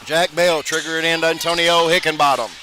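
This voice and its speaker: A man calling a high school basketball game play-by-play, running through passes quickly and rising on made shots. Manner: rapid calls, bursts of excitement on made shots. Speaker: play-by-play announcer. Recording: noisy gym ambience behind voice.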